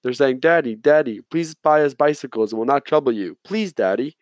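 A man's voice: medium pitch, lively intonation, brisk, no room sound, lightly acted. Man doing a chatty, brusque hotel manager. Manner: rambling, curt when crossed.

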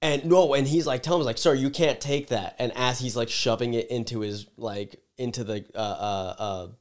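A man's voice: mid-range voice, normal speed. Man in casual chat, rambling, fills his talk with "like", acts out the people in his story.

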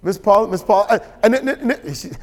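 A man preaching a sermon as pastor, animated and storytelling. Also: high voice, brisk. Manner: animated, storytelling with quoted voices and laughter. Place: church sanctuary. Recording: church hall with long reverb.

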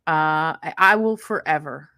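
A young adult woman warmly telling a personal story in casual conversation, laughing often mid-sentence. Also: low voice, measured pace, no room sound, clean studio sound.

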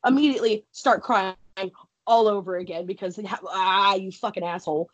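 A young woman talks casually on a podcast, swearing freely and breaking into laughs as she tells her story. Her voice is husky and slightly breathy. It is recorded close and dry, with no room sound. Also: medium pitch, moderate pace, no echo. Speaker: podcast guest, wrestler.

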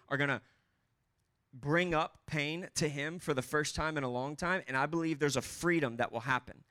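Man, pastor, sermon in church, emphatic, slightly high, smooth voice. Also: sharp tone. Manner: emphatic preaching with quoted prayers.

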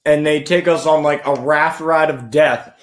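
A man's voice: fairly high pitch, a little slow. A young man casually telling a story among friends, quoting what others said. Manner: animated storyteller, quotes friends.

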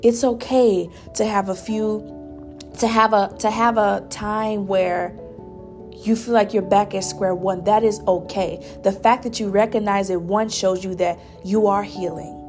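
A young woman hosting a personal podcast, speaking softly and earnestly in a reflective monologue with pauses and restarts. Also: mid-range voice, fairly even intonation, soft background music. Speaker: podcast host.

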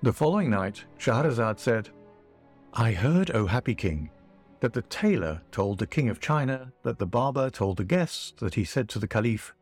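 A man reading an old tale aloud as a podcast narrator, in a measured, dramatic way. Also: on the low side, no echo. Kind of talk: storybook reading.

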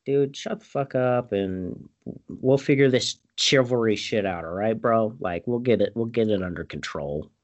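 A man's voice: on the low side, normal speed, lo-fi sound, natural voice. A man voicing a deluded knight who talks in a bossy, coarse, swaggering way. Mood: scolding. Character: deluded, crude old knight on a quest.

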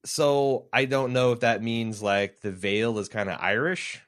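A man's voice: mid-range voice, a little slow, fairly bright tone. A man co-hosting a casual podcast, rambling and joking with many restarts as he reads listener mail. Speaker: podcast co-host.

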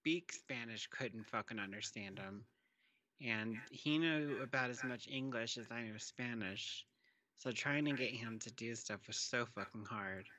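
Guy with a bright edgy voice joking around, swears, bit of faint noise behind. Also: mid-range voice, rough recording. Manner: laughs freely, profane, quick reactions. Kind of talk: casual chat.

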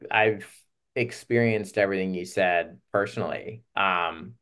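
A male podcast host with a fairly low voice talks in a relaxed, reflective manner. His sentences are loose and casual, peppered with filler words as he thinks aloud.

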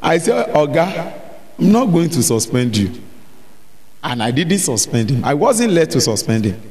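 A man preaching a sermon, asking the congregation to finish his sentences and breaking into sudden shouts. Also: on the high side, big pitch swings, normal speed. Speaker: pastor. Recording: long hall reverb, faint noise.

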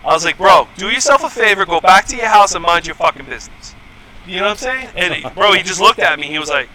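Heated, bright-voiced New man ranting. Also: high-pitched, expressive, quick pace, rough recording. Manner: profane, heated storytelling. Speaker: podcast host. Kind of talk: casual podcast rant. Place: home podcast setup.

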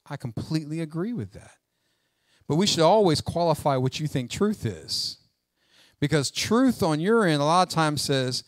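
Animated, high-pitched preaching man. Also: normal speed, no echo. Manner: emphatic preaching, swinging from loud to hushed. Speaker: pastor. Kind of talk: sermon.

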